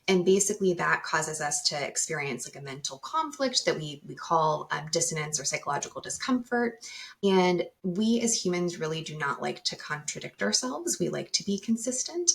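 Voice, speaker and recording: A woman's voice: on the low side, creaky. A woman psychologist, a guest on a podcast, explaining her work in a thoughtful, casual way with many fillers and restarts.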